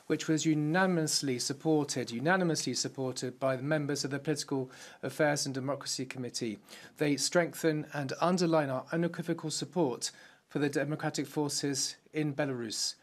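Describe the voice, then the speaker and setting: A man giving a formal, measured simultaneous interpretation of a parliamentary speech. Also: fairly high pitch.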